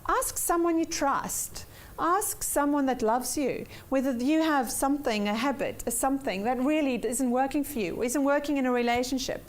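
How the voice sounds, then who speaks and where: A woman's voice: high-pitched, moderate pace. A woman teaching a weekly personal development workshop, upbeat and repeating points for emphasis while checking in with her class.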